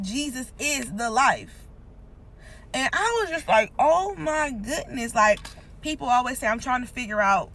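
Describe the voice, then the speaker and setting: A fairly high, slightly bright voice carries the woman's earnest devotional teaching, informal and conversational, with points repeated for emphasis. The recording is low quality, with a little hiss or hum.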